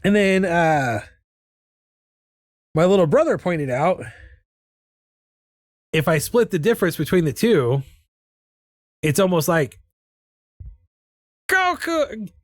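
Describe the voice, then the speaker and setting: A man's voice: on the high side, expressive, takes it slowly, pauses often, no echo, clean studio sound. A man chatting casually on a live art stream, rambling and restarting his sentences. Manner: rambling, with many restarts and laughs.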